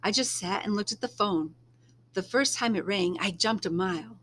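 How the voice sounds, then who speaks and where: A woman with a mid-range voice reads a first-person novel aloud, soft and unhurried, sometimes sinking to a hush. There's a little hiss or hum in the recording.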